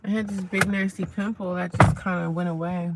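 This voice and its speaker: A woman's voice: fairly low pitch, fairly even intonation, brisk, heavy background noise. A woman, live-streaming outdoors at sunrise, chatting casually with her viewers and reading their comments aloud. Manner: chatty, talks to viewers and reads chat aloud.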